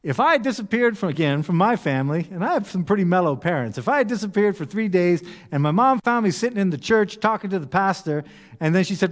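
Guy preaching in church, really animated voice, acts out the people he quotes for laughs. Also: high-pitched, fast talker. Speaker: pastor. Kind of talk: sermon. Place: church hall. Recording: long echo of a church hall.

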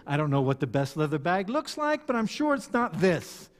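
A man's voice: a little high, sing-song, moderate pace. A male pastor giving a sermon in a conversational, storytelling way with frequent restarts. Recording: long hall reverb.

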